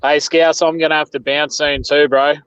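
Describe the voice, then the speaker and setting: A man's voice: a little high, little pitch movement, normal speed, fairly bright tone, clean tone, no room sound. A man chatting as a guest on a livestream, easygoing and laid-back. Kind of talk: casual livestream chat. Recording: dull, lo-fi call audio.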